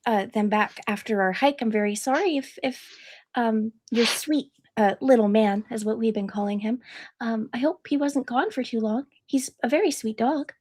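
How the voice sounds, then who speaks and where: High-voiced halting woman player. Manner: apologetic, halting, many fillers. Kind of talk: tabletop role-play.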